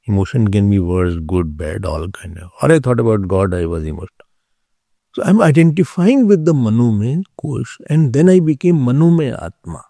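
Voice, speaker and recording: A man teaching a philosophy class, explaining slowly, repeating key terms and checking whether his listeners follow. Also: mid-range voice, big pitch swings, gravelly, dark tone, dry recording, clean studio sound. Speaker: spiritual teacher.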